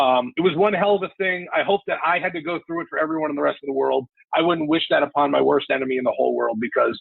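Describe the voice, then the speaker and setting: Gravelly, husky-voiced man on a phone-like line. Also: on the high side, dry recording. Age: 40s. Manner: emotional, candid storytelling with profanity. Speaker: sports radio host, podcast guest. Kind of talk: casual podcast storytelling. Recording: phone-like, lo-fi call audio.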